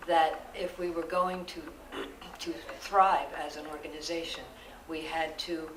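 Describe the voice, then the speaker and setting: A woman on a theatre board speaking deliberately in an interview, restarting phrases as she goes. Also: sits low, reverberant, far from the mic, noisy background. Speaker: board member. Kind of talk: interview talk.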